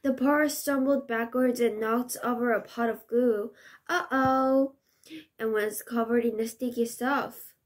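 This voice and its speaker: Slow careful storybook reader, woman. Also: a little high, steady tone. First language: Korean. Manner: careful, slow, occasional restarts. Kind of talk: reading a storybook aloud.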